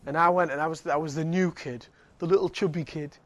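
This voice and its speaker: Man, 40s, high voice, preacher, sermon, animated laughing storyteller. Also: a little fast, no room sound. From Northeast England.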